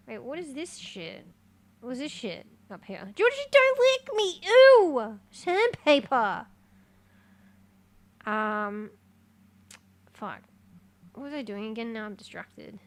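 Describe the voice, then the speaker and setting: A woman streaming a game live in casual chat, easily excited and swearing freely, swinging between quiet muttering and loud outbursts. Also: on the high side, clear, resonant tone.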